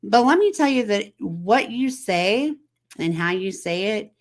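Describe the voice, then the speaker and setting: Her voice is low with a fairly bright tone. As host of a casual chat to camera, she speaks conversationally, puts questions to the viewer, and voices text messages as quotes.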